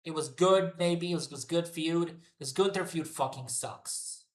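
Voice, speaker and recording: A man ranting through an unscripted wrestling review, swearing freely and sounding fed up. His voice sits a little higher than most men's. It bounces around an echoey room. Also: unhurried. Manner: profane, exasperated ranting. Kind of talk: unscripted solo rant review.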